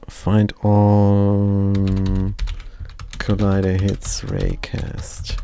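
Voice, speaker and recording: Slow, gravelly man thinking aloud. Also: mid-range voice, dark tone. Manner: mumbling thoughts aloud, often trailing off. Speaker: streamer. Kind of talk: live coding commentary.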